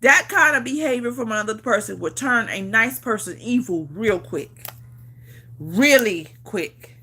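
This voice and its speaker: A woman's voice: fairly high pitch, lively intonation, a little slow, pushed and bright, breathy edge. A woman vlogger telling a personal story in a casual chat. She talks emphatically, repeats herself, swears freely and laughs often. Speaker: vlogger on a livestream.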